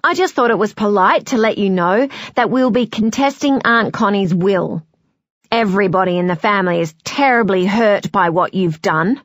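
A woman voicing an angry, loud woman scolding a friend down the phone in an audiobook. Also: medium pitch, animated, normal speed, no echo, clean studio sound, lightly acted. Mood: cold. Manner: loud, scornful, accusing.

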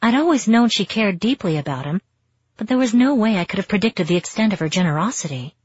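A woman narrating a novel in the first person with steady, reflective storytelling, on a dry, dull recording. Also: mid-range voice, quick pace, breathy edge, no echo. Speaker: audiobook narrator.

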